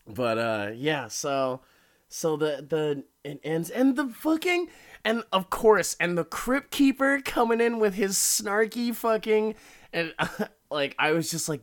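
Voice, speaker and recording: An unhurried host picks apart a TV episode in a loose spoken monologue. The talk is full of swearing and exasperated groans. It stumbles through restarts and breaks into laughter. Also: mid-range voice, lively intonation, fairly bright tone. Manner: halting, with many restarts. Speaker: show reviewer. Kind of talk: casual monologue review.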